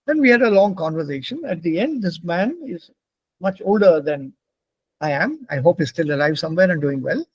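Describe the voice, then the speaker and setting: A man's voice: high voice, lively intonation, a little fast, slightly rough, dry recording, low-quality recording. A man, a Telugu speaker, telling a personal anecdote as a German teacher, hesitant with frequent fillers.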